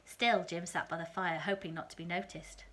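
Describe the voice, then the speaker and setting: A woman reading a children's novel aloud in a calm, steady storytelling manner. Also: on the low side, moderate pace.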